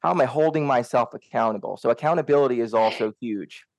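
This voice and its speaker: An earnest young man gives a coaching talk on workplace attitude to his team, often tossing in a quick "right?" to check they follow. His voice sits at an ordinary middle pitch. The sound is dry and close, with no room echo. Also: creaky. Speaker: SEO team lead.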